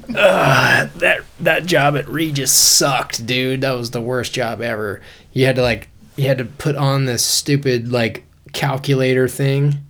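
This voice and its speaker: A man's voice: mid-range voice, fairly even intonation, unhurried, fairly bright tone. A man in his forties, co-hosting a podcast in casual chat, telling stories in a laid-back way and calling his friends dude and bro. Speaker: podcast co-host.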